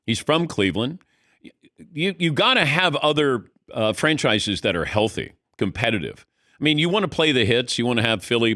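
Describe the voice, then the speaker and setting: A man's voice: mid-range voice, no echo. A middle-aged man hosting a sports talk show, telling stories in casual studio chat, acting out quotes and laughing as he goes. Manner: animated storyteller, acts out quotes, laughs mid-sentence. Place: radio studio.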